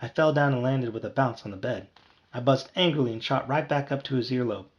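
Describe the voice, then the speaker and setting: A man reading a children's book aloud in a lively storytelling manner. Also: brisk, lo-fi sound. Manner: lively, voices characters with higher shouts. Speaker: audiobook reader.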